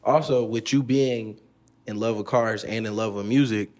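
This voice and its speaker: A man's voice: lowish voice, steady tone, normal speed, darkish tone. A man hosting a casual podcast, asking questions and rambling in slang. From Milwaukee area. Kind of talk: casual chat.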